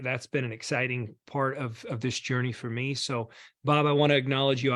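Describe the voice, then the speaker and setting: Male host of a community call, warm and effusive, mid-pitched. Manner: warm, effusive thanks and praise. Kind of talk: hosting a community video call.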